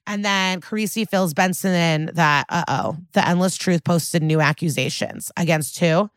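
A woman's voice: fairly low pitch, moderate pace, few pauses, dry recording, clean studio sound. A young adult woman co-hosting a podcast, casually recapping a TV episode in a chatty, sarcastic way and swearing freely. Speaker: podcast co-host.

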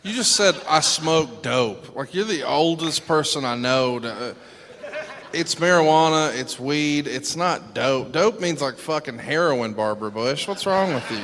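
Man teasing his guest, bright voice. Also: fairly high pitch, expressive, moderate pace, big-room sound, a little hiss or hum. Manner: teasing, mocking. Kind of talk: casual chat.

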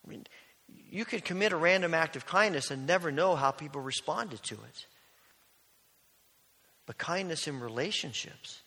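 A male pastor preaching a sermon, telling stories earnestly and dropping to a hush on key lines. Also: fairly high pitch. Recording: long reverb of a large hall.

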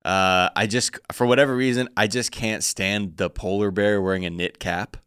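A man co-hosting a comedy podcast in casual chat, blunt and profane, firing off quick comic riffs. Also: lowish voice, steady tone, fairly bright tone, smooth, no echo, clean studio sound. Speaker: podcast co-host.

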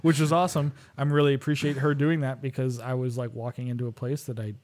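A man's voice: medium pitch, level tone, fast talker, a little mellow. A man co-hosting a podcast in casual chat, joking and laughing often. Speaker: podcast co-host.

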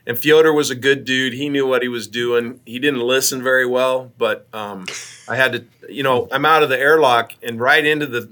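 A man from Nebraska tells stories as an astronaut guest. His voice is bright and his manner is animated, and he often checks in with "right?". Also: mid-range voice, moderate pace. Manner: animated, tags lines with "right?". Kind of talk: casual storytelling interview.

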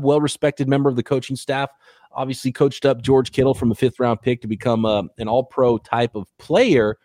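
A man of middle pitch hosts a football podcast, rambling through speculation and restarting his sentences. The recording is dry and close, with no room sound. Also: a little mellow, no room sound. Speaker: podcast host. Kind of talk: casual sports talk.

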